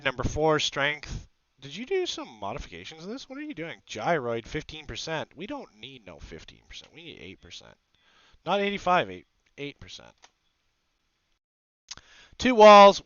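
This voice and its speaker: This maker channel host sounds bright and forceful in a mid-range voice, chattering to viewers and to himself as he gets a 3D print going on a relaxed livestream. The recording is muffled and dry, with no room sound.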